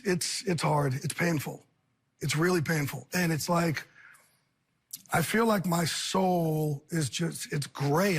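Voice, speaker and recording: A man, a guest on a talk show, talking candidly and earnestly in intense rushing bursts. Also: fairly high pitch, slightly rough.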